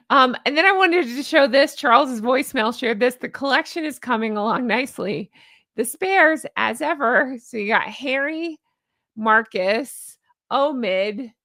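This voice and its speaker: A woman's voice: fairly high pitch, fairly bright tone, dry recording, studio quality. A woman in her forties giving casual commentary as a vlogger, sarcastic and exasperated, often laughing. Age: 40s.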